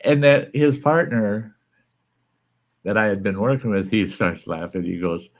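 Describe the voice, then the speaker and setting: A man's voice: fairly low pitch, unhurried. An older American man, a channel host, telling a folksy story in casual chat and chuckling as he goes. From American West.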